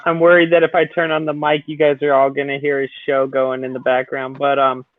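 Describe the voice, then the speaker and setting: A man chatting in a relaxed way on a live video call while a small child sits with him. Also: medium pitch, brisk, no echo. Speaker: guest on a live stream. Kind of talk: casual live-stream chat. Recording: tinny dry phone-like call.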